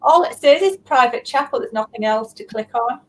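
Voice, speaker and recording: A woman's voice: a little high, lively intonation, fairly quick, rough recording. A woman playing along in a party quiz, chatty and self-deprecating, giggling often. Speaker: quiz player. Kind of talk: casual chat.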